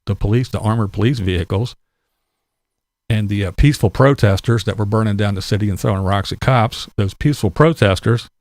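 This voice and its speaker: A man's voice: fairly low pitch, fairly even intonation, a little fast, darkish tone, no echo. A middle-aged man from Pennsylvania giving a blunt, profane opinion monologue, laughing between his points. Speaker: vlogger.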